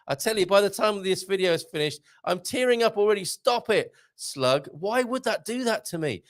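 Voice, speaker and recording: A man hosting a live online show, rambling excitably to viewers and reading the chat. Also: high voice, moderate pace, hardly any pauses. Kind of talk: casual live-stream chat.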